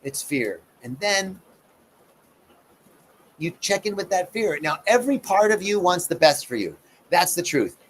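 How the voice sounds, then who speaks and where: A man's voice: high-pitched, sing-song, unhurried, long pauses, slight background noise. A middle-aged man, a spiritual practitioner, giving a casual live talk and acting out the voices in his own stories. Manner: conversational teacher, acts out voices in his stories. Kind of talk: live-streamed talk on personal growth.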